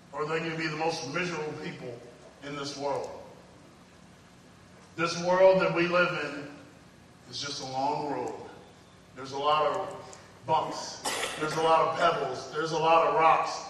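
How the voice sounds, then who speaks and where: Male preacher, bright tone, shifts between hushed and fervent, distant mic in a roomy hall. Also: a little high, slight background noise. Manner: swings from hushed storytelling to fervent exhortation. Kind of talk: sermon.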